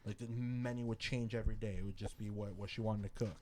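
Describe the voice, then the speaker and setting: A young man co-hosting a podcast, talking in a laid-back, slangy way and getting animated when he tells stories. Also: on the low side, quick pace. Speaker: podcast co-host. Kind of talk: casual chat.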